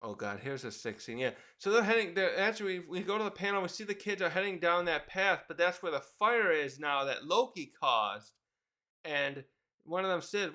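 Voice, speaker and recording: Man, manga reviewer, casual rambling, self-correcting, bright tense tone, fairly high voice. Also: animated, normal speed. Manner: rambling, self-correcting, reads panels aloud.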